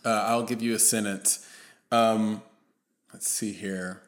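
A man hosting a podcast interview, asking questions in a measured way with some hesitation. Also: fairly low pitch, steady tone. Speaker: podcast host.

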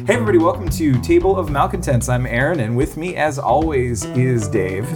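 A man from Canada with a Canadian accent, hosting a book podcast with quick, joking banter. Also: mid-range voice, animated, loud music behind the voice. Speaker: podcast host. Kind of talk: casual chat.

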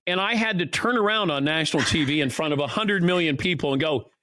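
A man, a sports broadcaster appearing as a guest, telling anecdotes in casual chat and acting out the shouts and quotes in his stories. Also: a little high, fast, slight background noise. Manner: animated storyteller who acts out shouts and quotes.

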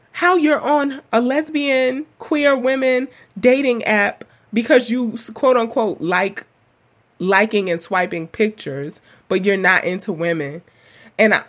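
A woman's voice: a little high, a bit bright. A young woman hosting a casual podcast monologue, rambling and candid, swearing freely and laughing as she tells her story. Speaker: podcast host.

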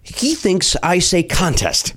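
Male guest, chatty storyteller; expressive pitch, slightly high, restarts a lot. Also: takes it slowly, slight background noise. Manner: animated, acts out quotes, restarts often. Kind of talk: casual anecdote.

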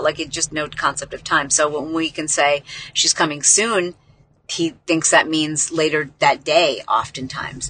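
Woman podcast host, lowish, bright forceful voice, dry sound, rambling heartfelt storytelling. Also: slight background noise. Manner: heartfelt, rambling, heavy use of "like". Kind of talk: casual personal storytelling.

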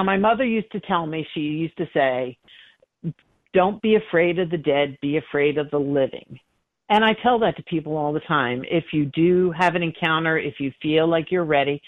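A middle-aged woman, a psychic medium, telling stories in an interview, animated and acting out quoted voices with frequent laughs. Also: fairly low pitch, no room sound. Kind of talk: emotional interview storytelling. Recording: tinny phone line.

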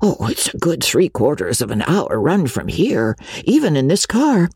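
A stammering, deferential middle-aged country man, as a woman reads him in an audiobook. The voice is low and husky, and he trips over his polite words. It is dry and close. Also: wildly swooping pitch, normal speed, a little mellow, no room sound, full character voice. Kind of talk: audiobook character voice.

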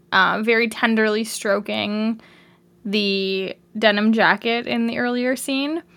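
Young woman, somewhat high voice, podcast co-host, animated, opinionated, giggly. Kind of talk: casual chat recapping a show.

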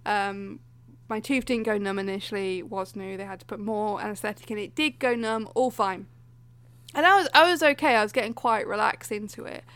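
A woman's voice: medium pitch, brisk, fairly bright tone, dry recording. A young woman telling a story in casual chat, acting out other people's lines with lots of laughter.

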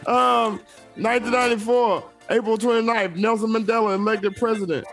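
A man co-hosting a podcast in casual banter, giggly and excitable, often stammering as he talks. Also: sits high, a little fast, faint music behind. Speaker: podcast co-host.

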